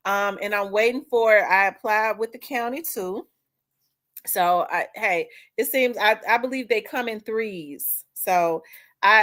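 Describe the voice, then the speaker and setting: A woman's voice: mid-range voice, a bit bright. A woman, hosting a show and telling an emotional, rambling story in casual chat. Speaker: host.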